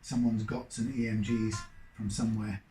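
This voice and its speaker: A man's voice: lowish voice, level tone, moderate pace, dark tone. A man working as a guitar technician, rambling and thinking aloud in casual commentary while he works at his bench. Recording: roomy workshop echo.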